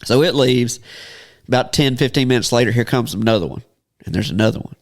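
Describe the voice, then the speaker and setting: A man's voice: medium pitch, brisk. A man hosting a podcast, telling a casual story and laughing often as he talks. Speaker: podcast host.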